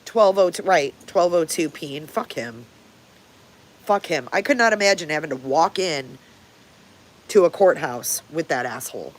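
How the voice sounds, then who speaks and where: Speaking at normal speed in a low-pitched voice, this older woman hosts a casual livestream. She greets viewers and answers their comments bluntly, cursing freely and chuckling often.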